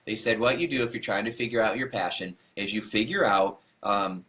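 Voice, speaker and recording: A man's voice: lowish voice, brisk, pushed and bright. A man giving a motivational talk, telling a story and acting out what people said, laughing at himself along the way. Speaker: motivational speaker.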